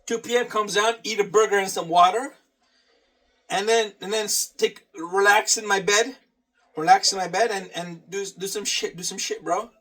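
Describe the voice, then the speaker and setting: A man's voice: high voice, fairly even intonation, normal speed, pushed and bright, far from the mic. A man talking casually through his day and a workout, repeating phrases and swearing offhand. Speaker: vlogger.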